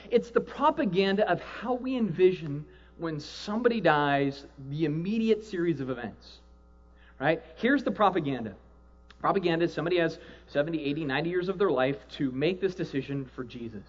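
A man preaching a sermon to a live audience, animated, acting out quoted voices and often asking "right?". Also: sits high, lo-fi sound. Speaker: pastor.

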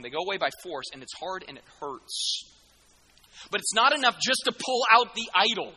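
A man preaching with a high, very bright voice, lively and joking as he acts out the people in the story. His words ring out with a long hall reverb behind them. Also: moderate pace, breathy edge. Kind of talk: sermon.

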